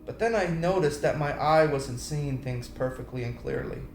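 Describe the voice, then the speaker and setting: A man's voice: medium pitch, normal speed, creaky. A man giving a preachy personal talk about love and marriage, telling stories animatedly and acting out voices. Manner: animated storytelling, acts out voices and sings snippets. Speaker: Christian speaker. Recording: roomy echo, faint background noise.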